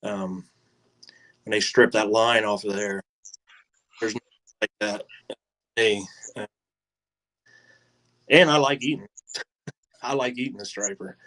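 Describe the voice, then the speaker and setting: Laid-back man, halting easy answers. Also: lowish voice, fairly even intonation, fairly bright tone, low-quality recording. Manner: laid-back, hesitant, lots of ums and trailing off. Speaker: guest angler. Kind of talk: casual interview answers.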